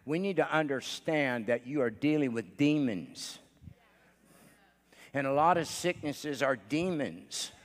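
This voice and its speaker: A male pastor preaching a sermon, swinging between shouted declarations and hushed storytelling, with many "uh" fillers between phrases. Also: mid-range voice, expressive, takes it slowly. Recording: long church hall reverb.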